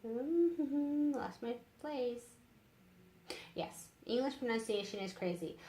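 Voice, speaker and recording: A woman's voice: on the high side, expressive, warm tone, roomy sound. A woman reading a chapter book aloud, breaking off now and then for friendly asides to her listeners. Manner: slow, unhurried reading with chatty asides to listeners. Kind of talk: read-aloud storytelling with asides.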